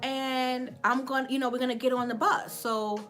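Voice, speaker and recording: A woman's voice: high voice, little pitch movement, normal speed, a bit bright, soft background music. A woman, hosting a casual livestream, chatting with viewers and laughing often as she tells a story. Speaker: livestream host.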